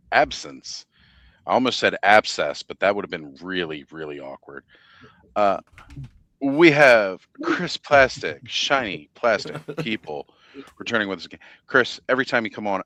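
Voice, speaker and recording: A man's voice: lowish voice, fairly bright tone, dry recording. A man hosting a live stream, telling a story in casual chat and laughing at his own jokes.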